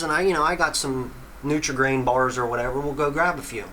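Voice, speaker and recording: A man in his thirties, a podcast host, telling a long story in an animated, casual way and swearing freely. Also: on the high side, fast talker, a little hiss or hum, poor audio.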